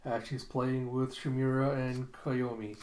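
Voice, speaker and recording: A man's voice: medium pitch, little pitch movement, a little slow, a little mellow. A man casually recapping a comic, in a loose, rambling way full of fillers. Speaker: manga recap host. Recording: roomy echo.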